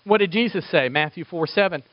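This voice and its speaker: Animated male pastor preaching. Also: high voice, fairly quick, no echo. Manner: animated, rising emphasis and sudden soft drops. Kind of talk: sermon. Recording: dull lo-fi recording.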